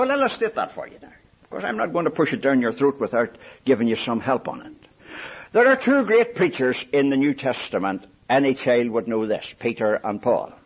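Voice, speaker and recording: An older man preaching a sermon in an earnest, pleading way, swinging from soft asides to raised appeals. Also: slightly rough. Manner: earnest, pleading, rises and falls in pitch and loudness. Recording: dull lo-fi recording.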